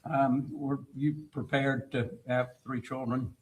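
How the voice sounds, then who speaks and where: A male attorney questioning a witness in court in a measured, formal way. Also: mid-range voice, level tone, rough recording.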